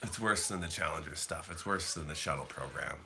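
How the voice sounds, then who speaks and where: Rambling bright-voiced man chatting on a livestream. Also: a bass voice, brisk, a little hiss or hum. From Canada. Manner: rambling, chatty, talks to viewers in chat. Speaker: livestream host. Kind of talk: casual livestream chat.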